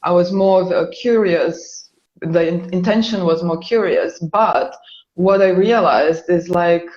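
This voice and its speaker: A woman in a casual, reflective conversation, talking in a halting, searching way with many fillers and restarts. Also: lowish voice, darkish tone, reverberant, dull audio. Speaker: guest or co-host in a spiritual conversation.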